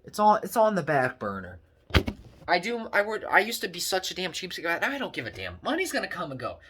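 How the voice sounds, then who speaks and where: A man's voice: sits high, wildly swooping pitch, brisk, noisy background. A young man giving a casual, earnest motivational talk to camera, rambling and preachy as he reads out quotes. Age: young adult. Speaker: motivational vlogger.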